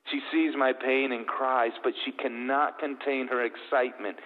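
A middle-aged male guest with a mid-range voice gives an emotional faith testimony, earnest and tender, at normal speed with little pitch movement. The sound is tinny and phone-like, with a long reverb.

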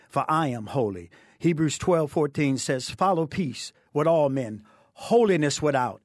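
A preacher appearing as a guest gives his testimony in an interview, earnest and fervent, telling it like a story. His voice is medium in pitch with a somewhat dark tone, recorded cleanly in a studio with no room sound.

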